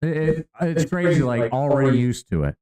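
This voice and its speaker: Brief: mid-pitched male co-host, rambling and playful, stumbles over his words. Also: sing-song, brisk, warm tone. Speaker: podcast co-host. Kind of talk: casual podcast chat.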